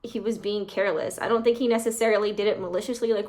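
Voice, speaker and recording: A woman reading online posts aloud and reacting to them in casual, animated commentary as a channel host. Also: mid-range voice, fast talker.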